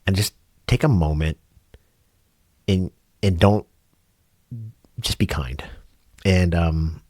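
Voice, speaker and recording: A middle-aged man with a deep, low voice talks earnestly to camera about lessons from his work as a driver. He rambles along with fillers and restarts. The sound is dry and close, with no room around it. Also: slow pace, darkish tone, no room sound. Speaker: rideshare driver and channel host. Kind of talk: casual reflective talk to camera.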